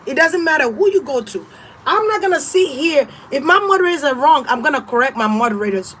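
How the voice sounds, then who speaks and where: A woman's voice: high voice, lively intonation, quick pace, a bit bright, a little hiss or hum. A woman tarot reader ranting on a casual livestream, blunt, profane and defiant, laughing often.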